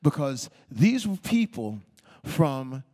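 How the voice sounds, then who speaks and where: A man telling animated stories as the guest of a live stage interview, acting out the people he quotes. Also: medium pitch, slow. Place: onstage talk before a live audience.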